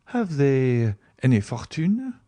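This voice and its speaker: A man's voice: medium pitch, big pitch swings, slow pace, warm tone, pitched above the performer's own voice. A man voicing a suspicious middle-aged male banker who speaks in a dry, probing, dismissive way, in an audiobook reading. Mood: skeptical. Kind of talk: audiobook character voice.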